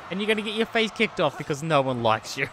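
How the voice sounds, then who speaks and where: A man giving live stream commentary on a wrestling video game, excitable, swearing and laughing often, swinging between yelling and muttering. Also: a little high, fast, slight background noise.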